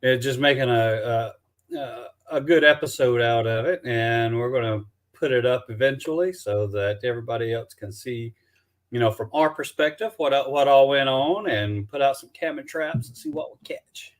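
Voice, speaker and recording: This is a man from Alabama whose Southern accent shows through his talk. He speaks at a middling pitch, stopping and restarting often, and the sound comes over a video call. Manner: halting, many restarts and fillers. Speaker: documentary filmmaker guest. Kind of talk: casual live-stream chat.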